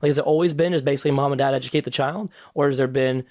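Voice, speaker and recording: A man's voice: medium pitch, steady tone, racing, a little mellow, no echo, clean studio sound. A man with an American country accent hosting a podcast, asking curious, conversational questions. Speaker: podcast host. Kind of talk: casual interview talk.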